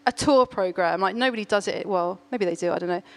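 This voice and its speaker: A middle-aged woman, telling a story in a casual chat, animated, laughing often and restarting her sentences. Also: medium pitch, fast.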